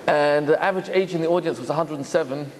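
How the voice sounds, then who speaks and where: A man's voice: fairly high pitch, fairly even intonation, fast, heavy background noise. A rabbi giving a sermon, telling stories and asking rhetorical questions, acting out quotes as he goes. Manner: storytelling, asks rhetorical questions, acts out quotes. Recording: reverberant hall.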